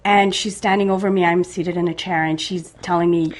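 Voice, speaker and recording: A woman from Canada, a parent guest, telling her story in measured detail in conversation. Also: on the low side, fairly even intonation.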